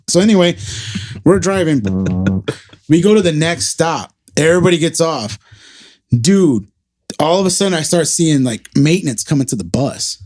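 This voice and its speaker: A young adult man who hosts a podcast tells a crude story in an animated way, laughing as he goes. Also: a little high, normal speed. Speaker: podcast host. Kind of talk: casual storytelling.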